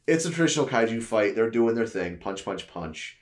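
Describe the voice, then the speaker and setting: A man's voice: very animated, fairly quick. A man co-hosting a podcast, loosely talking through a story idea with hesitations and fillers. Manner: loose, hesitant pitching with "you know" and "like". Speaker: podcast co-host. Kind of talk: casual chat.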